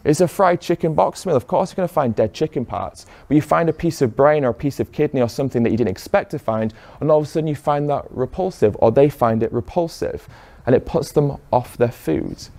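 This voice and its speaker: A man's voice: a little high, a little fast, vocal fry, warm tone. A man giving a persuasive public talk, speaking straight to a room of listeners and firing rhetorical questions at them. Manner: poses rhetorical questions to the audience. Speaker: speaker addressing an audience.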